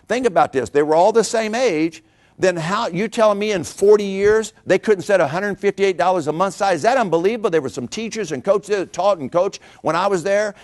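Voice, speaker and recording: A middle-aged man giving a motivational finance seminar, energetic and preachy, peppering his talk with rhetorical questions. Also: high-pitched.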